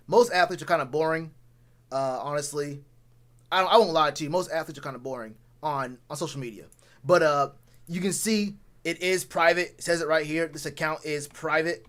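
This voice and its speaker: High-voiced man ranting casually. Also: fairly bright tone. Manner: slangy, blunt, repeats phrases for emphasis. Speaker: sports commentary streamer. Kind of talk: casual live-stream sports rant. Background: talks to a live chat.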